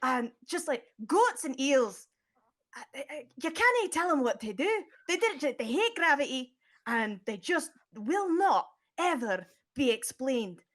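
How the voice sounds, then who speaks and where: A befuddled old male professor, rambling and crude, who can't recall his own death, as a woman puts him on. The voice sits fairly high and the accent is a wobbly put-on British Isles lilt. A tabletop game character. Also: big pitch swings, measured pace. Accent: put-on British Isles accent, by own admission poorly done. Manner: forgetful, flustered, crude and rambling. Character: muddled older male professor, freshly dead.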